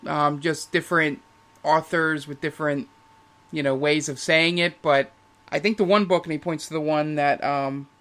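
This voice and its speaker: A man's voice: on the high side, steady tone, moderate pace, a bit bright. A man running a tabletop game as game master, talking casually with plenty of fillers. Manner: casual, rambling with many fillers.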